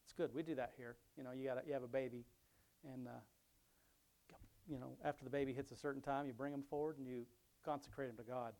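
A man's voice: medium pitch, fairly even intonation, fast, darkish tone. A middle-aged man preaching, reading Bible verses aloud and breaking off into chatty commentary with frequent chuckles. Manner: reads scripture aloud, then chats and chuckles between verses.

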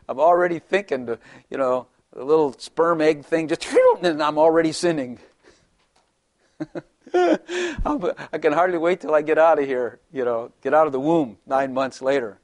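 A man's voice: fairly high pitch, lively intonation, moderate pace, dry recording, studio quality. Chuckling older man preaching. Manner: chatty, jokey, laughs often, acts out voices. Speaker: pastor. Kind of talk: humorous sermon.

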